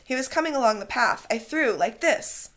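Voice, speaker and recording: A woman's voice: fairly high pitch, expressive, moderate pace, a bit bright, pitched above the performer's own voice. Ralph, a woman reading as an eager boastful boy. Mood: indignant. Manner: eager, insistent. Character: boastful excited schoolboy.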